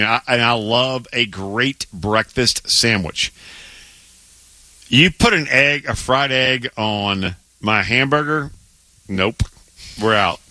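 A man's voice: mid-range voice, bright, forceful tone, no echo. A man with a Southern American accent co-hosting a sports radio show, talking emphatically with lots of stammering restarts. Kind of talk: casual sports radio banter.

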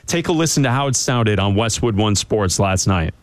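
A man co-hosting a sports radio show, chatty and teasing with his partner and reading promos briskly. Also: fairly low pitch, expressive, no echo. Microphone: studio microphone.

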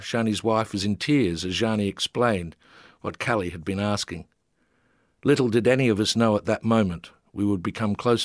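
A man's voice: lowish voice, no room sound, clean studio sound. Older man reading his travel memoir. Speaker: memoir narrator.

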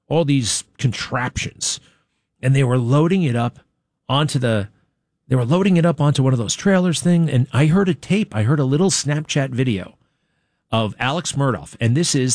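A man's voice: medium pitch, darkish tone, no echo. A man hosting a talk radio show, rambling casually and asking his studio crew questions.

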